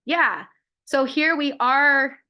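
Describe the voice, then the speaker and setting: A woman's voice: high-pitched, takes it slowly, dull audio. A woman presenting a live training webinar, explaining steps and answering questions in a conversational way with frequent fillers and self-corrections.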